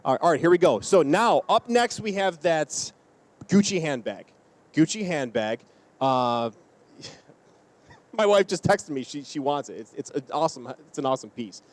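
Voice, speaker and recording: A man's voice: fairly high pitch, very animated. A middle-aged man hosting a charity auction, cheerfully announcing prize winners and stretching out their names. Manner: upbeat, drawn-out name calls.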